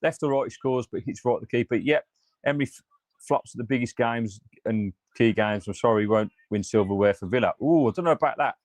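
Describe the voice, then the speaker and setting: A man's voice: mid-range voice, quick pace, darkish tone, dry recording. A man hosting a fan channel, reacting live after a match in a frustrated, sweary rant and reading out viewer comments.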